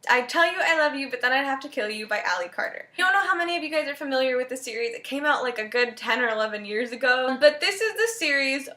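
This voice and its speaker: A young woman tells a story to camera as a book vlogger, chatty and animated, full of "like" fillers. Her voice sits high and sounds bright. The room around her is roomy and echoing. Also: quick pace, few pauses.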